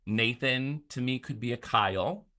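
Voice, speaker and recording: A man's voice: mid-range voice, measured pace, sharp tone. A man chatting casually as a podcast guest, rambling with many "like" fillers. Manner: rambling, filler-heavy talk with lots of "like".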